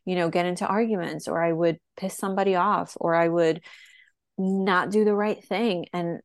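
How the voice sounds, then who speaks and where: A woman's voice: fairly low pitch, steady tone, normal speed, no echo, studio quality. A woman co-hosting a podcast as a health coach, giving earnest advice in casual chat with frequent fillers.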